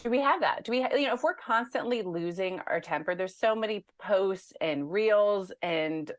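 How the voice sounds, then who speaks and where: A woman author talking as an interview guest in a chatty, animated way, with a lot of "like" and "you know". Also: medium pitch, moderate pace, no room sound, clean studio sound. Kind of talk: casual interview conversation.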